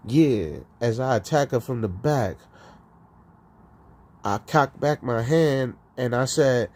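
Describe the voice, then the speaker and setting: A man talking casually on his live stream, rambling and profane, laughing between lines and swinging from loud outbursts to low mutters. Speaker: streamer and rapper.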